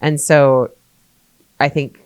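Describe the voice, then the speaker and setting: A woman real estate agent co-hosting a podcast, speaking in a reflective, measured way. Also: rumbling low, little pitch movement, no room sound. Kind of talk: casual podcast chat.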